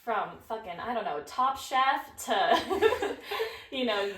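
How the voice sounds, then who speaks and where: Lively young woman, echoey room. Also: fairly high pitch. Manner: animated, quick reactions, laughs often. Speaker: podcast co-host. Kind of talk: casual chat. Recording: roomy echo.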